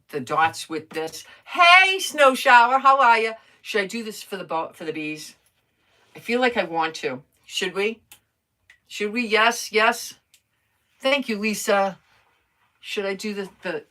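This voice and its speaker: A woman's voice: fairly low pitch, pushed and bright. An older woman chatting casually while crafting on a live stream, talking to herself and answering viewer comments.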